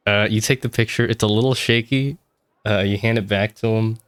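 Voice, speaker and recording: A man's voice: on the low side, fairly bright tone, no echo, clean studio sound. A man narrating as game master, teasing his players in a joking manner. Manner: joking, teasing, laughs often.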